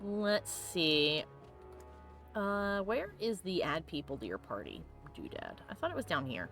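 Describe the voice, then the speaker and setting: A woman hosting a let's play, chatting and giggling excitably as she plays a video game. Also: lowish voice, unhurried, faint music behind. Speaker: host.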